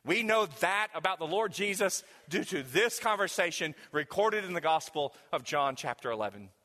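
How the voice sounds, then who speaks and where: Speaking at normal speed in a fairly high, animated voice with a sharp tone, a pastor delivers a sermon. He addresses the congregation emphatically and puts questions straight to them, and the recording has long hall reverb.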